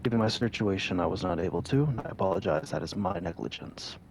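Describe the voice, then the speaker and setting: A man's voice: low-pitched, fast, vocal fry, a little hiss or hum. A man voicing a formal, earnest male party leader in a tabletop role-play game, speaking in a stiff, solemn way.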